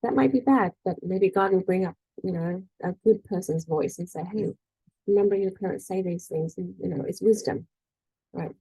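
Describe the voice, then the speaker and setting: Mellow, husky-voiced woman teaching casually. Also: lowish voice, normal speed, no room sound, low-quality recording. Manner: chatty, frequent "you know" and "right?", acts out quoted voices. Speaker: spiritual energy-healing coach leading a group meeting. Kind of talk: casual faith-based teaching talk.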